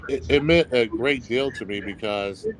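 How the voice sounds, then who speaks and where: Animated former football player telling stories. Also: male voice, medium pitch, normal speed, poor audio. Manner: animated storyteller, acts out quoted voices, laughs often. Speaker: former pro football player, interview guest. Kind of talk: casual storytelling interview.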